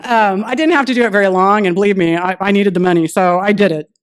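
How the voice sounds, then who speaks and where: A woman's voice: mid-range voice, quick pace, smooth. Woman telling her recovery story. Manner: lively storytelling, acts out quoted dialogue. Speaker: AA speaker. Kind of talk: personal recovery story at a meeting. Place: meeting room.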